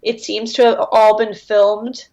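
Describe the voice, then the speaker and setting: Woman, podcast guest, casual chat, enthusiastic storyteller, mid pitch. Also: level tone, takes it slowly, darkish tone, dull audio.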